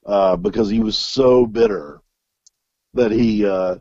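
A man's voice: fairly low pitch, fairly even intonation, takes it slowly, warm tone, no room sound, muffled recording. A man telling a long, profane story as an interview guest, full of fillers and restarts. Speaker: guest musician. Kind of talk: casual storytelling.

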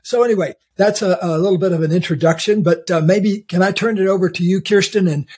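A man's voice: high-pitched, quick pace, slightly rough. An older man hosting a podcast, introducing his guest in meandering, easygoing storytelling. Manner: warm, meandering storytelling with fillers. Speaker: podcast host. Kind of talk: casual interview chat.

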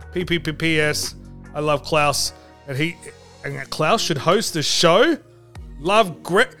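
High-voiced man ranting crudely. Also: sharp tone. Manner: crude, angry, mock-outraged ranting. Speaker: podcast host. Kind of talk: comedic rant podcast.

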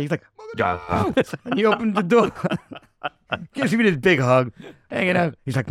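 A man's voice: high voice, sing-song, moderate pace, a bit bright, no echo, studio quality. A middle-aged actor telling anecdotes in a casual chat, acting out the people he quotes. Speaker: actor guest.

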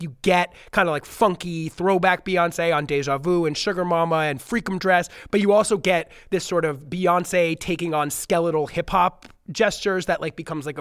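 A man's voice: on the high side, a bit bright, smooth, no echo, clean studio sound. A man chatting casually as a podcast panelist, enthusiastic and full of filler words. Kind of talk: casual chat.

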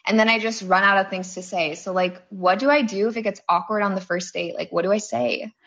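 A woman's voice: mid-range voice, steady tone, brisk, a bit bright, dull audio. A woman calling in to a podcast, talking in a nervous, chatty way with lots of "like" fillers. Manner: nervous, chatty, heavy use of "like". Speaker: caller.

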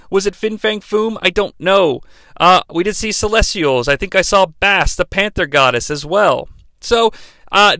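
A man's voice: high-pitched, bright, forceful tone, no echo. A man giving a casual, profane and rambling spoken movie review, full of restarts and asides. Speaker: film reviewer.

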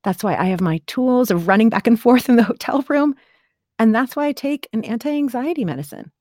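A woman's voice: a little high, expressive, a little fast, a little mellow, dry recording. Earnest chatty woman, dry close sound. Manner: earnest, chatty, many fillers like "like" and "right?". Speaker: motivational speaker. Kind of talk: casual storytelling to camera.

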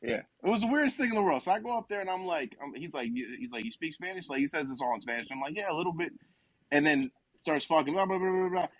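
Animated, profane storyteller man from New Jersey. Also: on the high side, quick pace, hardly any pauses. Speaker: podcast host. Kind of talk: casual comic storytelling.

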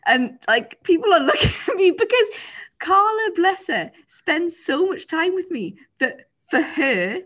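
A woman's voice: very high voice, very animated, unhurried, fairly bright tone. A young woman co-hosting a podcast, telling stories in a rambling, giggly way with lots of "like"s. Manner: rambling, giggly storytelling with many likes. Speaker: podcast co-host. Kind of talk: casual chat.

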